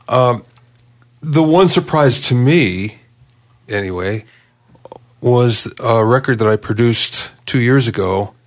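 A man co-hosting a podcast, chatting in a relaxed, matter-of-fact way about his studio work. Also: mid-range voice, takes it slowly, long pauses. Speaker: music producer, podcast co-host. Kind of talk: casual chat.

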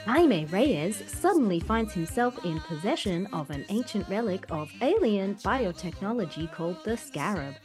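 A woman voicing a calm female alien AI scarab, reading in an even, steady way. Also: mid-range voice, normal speed, few pauses, soft background music, close to an everyday voice. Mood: measured.

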